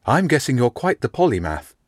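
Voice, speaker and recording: A man reading an audiobook, voicing a jovial middle-aged woman housemaster who talks briskly and formally. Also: medium pitch, very animated, no room sound, clean studio sound, pitched above the performer's own voice.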